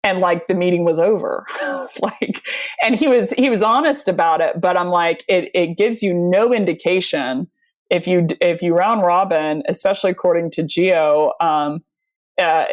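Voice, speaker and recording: An interview guest, a woman with a somewhat low voice, chats casually. She tells stories in a loose, animated way, packed with fillers and quick laughs.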